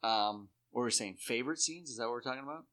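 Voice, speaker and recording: A man talking in rambling, profane casual chat, jumping into high put-on voices to act out scenes. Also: rapid-fire. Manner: animated, acts out characters in high put-on voices. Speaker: podcast co-host.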